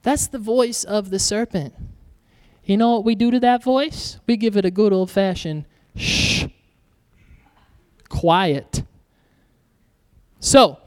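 A male pastor delivers a sermon with a high, smooth, resonant voice. He talks in a lively, joking, conversational way and calls out to the congregation. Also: big-room sound. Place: church.

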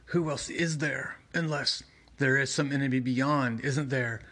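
A man's voice: mid-range voice, steady tone, measured pace, fairly bright tone. A man reading a grim analytical vigilante. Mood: defiant. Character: grim male vigilante detective, analytical and defiant.

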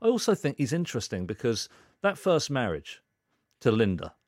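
A man's voice: medium pitch, very animated, normal speed, darkish tone, no echo, clean studio sound. A man co-hosting a podcast, talking casually and thoughtfully. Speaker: podcast co-host. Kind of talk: casual chat.

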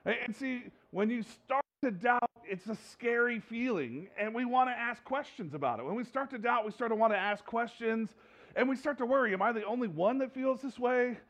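A man's voice: very high-pitched, animated, a little fast, a bit bright. A man preaching a sermon to his congregation in a conversational way, often repeating and restarting his words. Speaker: pastor. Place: church sanctuary with congregation.

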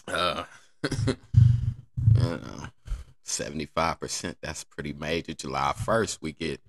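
A man's voice: rumbling low, slow pace, a bit bright, no room sound. A man in a casual, joking solo monologue who laughs at his own jokes and acts out other people's lines.

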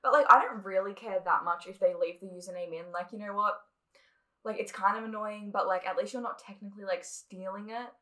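A woman's voice: medium pitch, fairly quick, fairly bright tone. A woman with an Australian accent co-hosting a podcast, chatting casually and laughing often. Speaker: podcast co-host. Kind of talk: casual chat.

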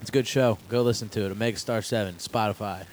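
Young dude cohosting, jokey and blunt, swears a lot, faint hiss. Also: male voice, lowish voice, fairly even intonation, fast talker, a little mellow, rough recording. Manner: joking, blunt, swears freely. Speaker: podcast co-host. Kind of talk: casual chat.

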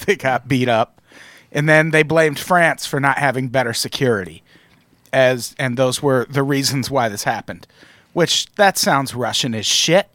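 Sarcastic, fairly high-voiced male podcaster. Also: fairly bright tone, no echo. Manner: wry, profane, sarcastic delivery. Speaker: podcast host. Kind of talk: casual chat.

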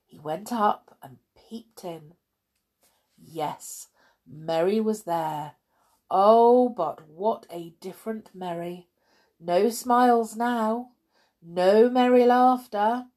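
A woman reading a children's storybook aloud in an expressive way, rising on exclamations. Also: mid-range voice. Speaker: narrator.

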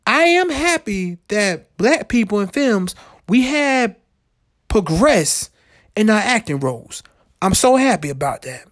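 A woman ranting in a heated, profane way, repeating herself and swinging her pitch up and down. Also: no room sound, clean studio sound. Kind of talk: profane personal rant.

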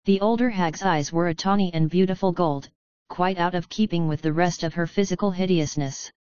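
A woman narrating a fantasy audiobook in clear, even storytelling. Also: lowish voice, moderate pace, no room sound. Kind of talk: scripted narration. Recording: slightly dull, dry studio sound.

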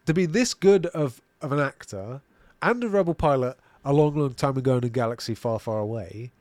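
A man's voice: medium pitch, expressive, brisk, a little mellow, dry recording. A man co-hosting a casual show review chat, talking loosely and laughing while he reads out listener comments. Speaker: podcast co-host.

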